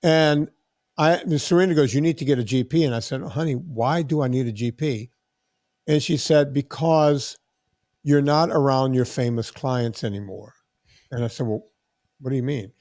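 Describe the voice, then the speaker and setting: A man's voice: mid-range voice, normal speed, dry recording, clean studio sound. A podcast host in his sixties telling a long story in casual chat, acting out the voices of the people in it. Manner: animated, acts out quoted dialogue.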